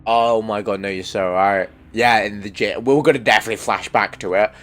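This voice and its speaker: This gaming streamer has a stuffy nose and reads a game's lines aloud, reacting emotionally with groans and swearing. His voice is lowish and fairly bright, with a steady tone and a brisk pace.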